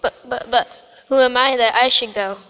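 A woman's voice: a little high, fairly even intonation, normal speed. A woman in a church skit, emphatically repeating the lines she is fed, heard from a distance in a reverberant sanctuary. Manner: loud, emphatic repetition. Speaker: church member playing Moses.

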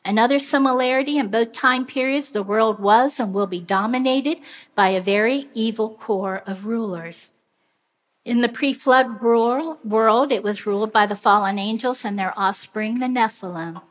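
A woman preaching a sermon, speaking in an earnest, measured storytelling way. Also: fairly high pitch.

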